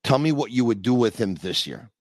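A man hosts a sports podcast from his basement, his voice close and dry with no room echo. He talks in a relaxed, conversational way and builds up to his questions. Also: medium pitch, a little fast. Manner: conversational, sets up questions in long lead-ins. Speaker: podcast host. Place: home basement.

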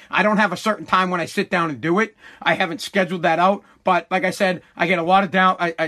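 A high-pitched man rants through his livestream podcast. His voice is bright and forceful, and he runs heated and profane, looping back over the same words. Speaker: podcast host. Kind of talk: casual livestream podcast rant.

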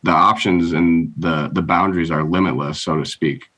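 A man co-hosting a casual podcast, speaking in a measured, agreeable way and sometimes searching for his words. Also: low voice, steady tone, fairly bright tone, breathy edge, low-quality recording. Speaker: podcast co-host.

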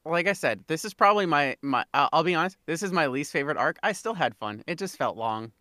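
A woman's voice: deep voice, expressive, quick pace, pushed and bright, dry recording. A woman co-hosting a podcast in casual chat, talking emphatically and repeating herself to drive points home. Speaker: podcast co-host.

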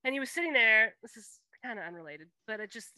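A woman's voice: a little high, animated, fast, sharp tone, rough recording. A woman co-hosting a podcast, talking in a casual, indignant and profane way. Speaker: podcast co-host. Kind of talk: casual chat.

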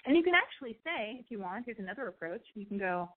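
A woman's voice: medium pitch, big pitch swings, fast talker. An American woman hosting an advice podcast, chatty and blunt, swearing freely and acting out bits of dialogue. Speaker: podcast host giving advice. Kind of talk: casual advice chat. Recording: tinny phone-like audio.

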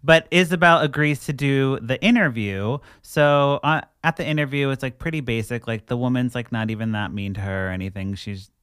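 A man's voice: medium pitch, a little fast, hardly any pauses, a bit bright, clear, resonant tone, no room sound. A man co-hosting a casual podcast, recapping a movie with sarcastic, dry jokes. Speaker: podcast co-host.

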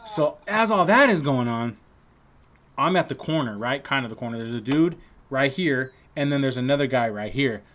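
A man casually telling an animated, profanity-laced story in a relaxed chat, acting out what other people said. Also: medium pitch, slight background noise. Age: adult trade-school student.

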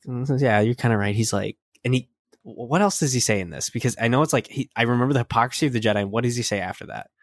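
A young man co-hosting a podcast, retelling a scene in an excited, rambling way full of fillers. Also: medium pitch, rapid-fire, dry recording, studio quality. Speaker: podcast co-host. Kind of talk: casual fan chat.

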